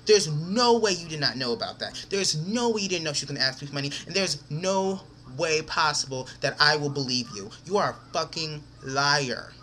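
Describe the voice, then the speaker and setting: A man's voice: fairly high pitch, lively intonation, a little fast, few pauses, pushed and bright, a little hiss or hum. A young man vlogging an angry, profane rant, repeating himself as he vents.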